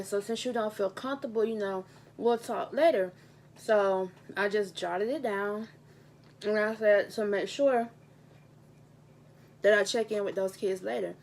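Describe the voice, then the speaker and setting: A young adult woman, a teacher, talking in a casual vlog at a table at home, earnest and heartfelt, repeating her points for emphasis, recorded on a camera mic. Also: medium pitch. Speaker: teacher and vlogger. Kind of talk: casual mukbang vlog talk. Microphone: handheld camera mic.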